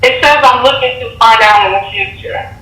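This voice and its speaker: Hesitant high-voiced woman client. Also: normal speed, pushed and bright, roomy sound, poor audio. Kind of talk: receiving a reading.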